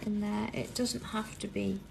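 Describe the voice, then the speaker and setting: A British woman with a gravelly, fry-tinged voice leads a live craft tutorial from her workroom. She chats easily and slips into near-whispers while she concentrates on drawing. A constant hum of background noise sits under her voice. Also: mid-range voice, level tone, moderate pace. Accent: British English. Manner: chatty, drops to a soft whisper while drawing. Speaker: craft demonstrator hosting a live stream. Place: busy indoor craft workroom.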